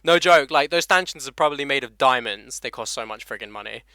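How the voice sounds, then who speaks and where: A man's voice: medium pitch, animated, a little fast, pushed and bright, no echo. A young man with an English accent hosting a casual motorcycle live stream, swearing freely and laughing as he greets viewers by name. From England. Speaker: motovlogger host.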